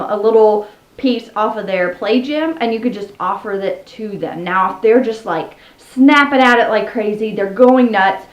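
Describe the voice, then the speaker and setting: A woman vlogger explaining how to tame parrots in a casual, upbeat way, cooing at her birds between tips, recorded at home. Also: a little high. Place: indoor room at home with pet birds. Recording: roomy, slightly dull home recording.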